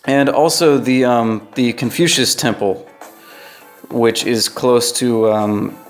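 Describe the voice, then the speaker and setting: An American man giving casual travel recommendations in a loose, conversational way, often checking in with "right?". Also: mid-range voice. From United States. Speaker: vlogger.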